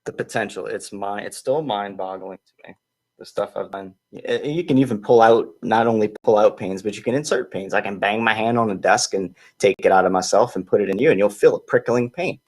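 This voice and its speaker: Animated storytelling man, dry sound. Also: fairly quick, no echo. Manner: animated, acts out quoted friends in higher voices. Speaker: podcast host. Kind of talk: casual storytelling.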